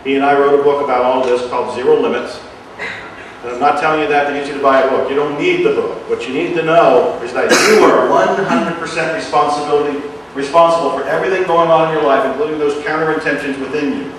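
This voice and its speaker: Man, self-help speaker, earnest motivational delivery, distant mic in a boomy room. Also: steady tone, quick pace, heavy reverb, a little hiss or hum. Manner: earnest, repeats phrases in a hushed soft voice. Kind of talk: motivational talk to an audience.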